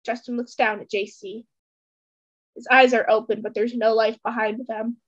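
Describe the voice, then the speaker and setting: A woman's voice: fairly high pitch, level tone, normal speed, highs cut off. A woman host giving a dramatic, theatrical reading of fan fiction. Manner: theatrical storytelling.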